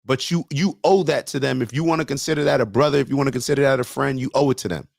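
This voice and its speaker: A man hosting a morning podcast, talking bluntly and casually with slang, now and then joking in a high singing voice. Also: very fast, gravelly, no room sound, studio quality. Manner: blunt, slangy, animated, breaks into falsetto singing jokes. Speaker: morning show host. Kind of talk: casual motivational podcast talk.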